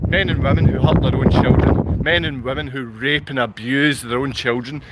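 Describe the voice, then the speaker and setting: Heavy noise fills this clip of a Scottish vlogger speaking at medium pitch, in a steady tone and at normal speed. He rants to camera in a Glasgow accent, furious, hurling insults and going over the same points repeatedly.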